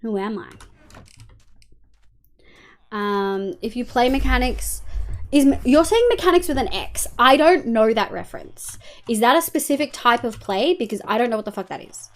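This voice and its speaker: An Australian woman streams a game and chats with her viewers in a loose, unscripted way. Her voice sits a little high and swoops all over as she thinks aloud, with the odd casual swear word. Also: animated, moderate pace. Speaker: live streamer. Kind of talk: casual gameplay chat answering viewers.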